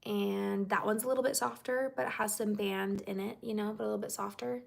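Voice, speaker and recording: A woman's voice: medium pitch, steady tone, brisk, gravelly. A woman singer-songwriter chatting casually with her fans on a livestream, bubbly and chatty, with lots of "like" and "okay?".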